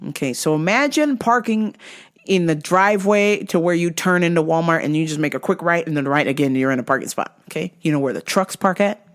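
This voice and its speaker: Host, woman; animated profane comedic storyteller with lively pitch. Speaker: podcast host.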